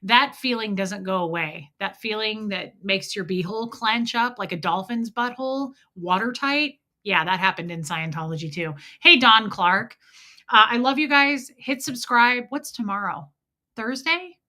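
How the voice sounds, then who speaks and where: A woman runs a casual livestream chat through her home streaming mic, greeting viewers by name while she mocks, jokes sarcastically, and swears freely. She talks unhurriedly in a mid-range voice that is bright and forceful.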